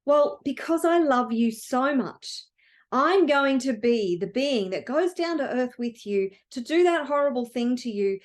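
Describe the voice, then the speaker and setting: Brief: quiet, tender little spirit of light, earnest and loving, read by a woman, high voice. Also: animated, normal speed.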